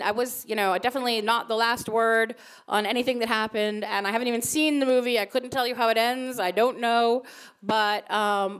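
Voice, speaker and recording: A woman's voice: mid-range voice, clean tone. A woman in her thirties answering fan questions on stage, chatty, with lots of fillers and laughter. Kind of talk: casual Q&A on stage.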